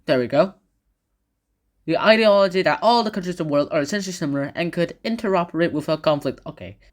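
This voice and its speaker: A man's voice: a little high, quick pace. A man talks through a history lesson in a casual, loose way, tossing in sarcastic asides between points. His phrasing rambles and circles back, with fillers and restarts. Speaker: video lecturer. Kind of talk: casual educational commentary.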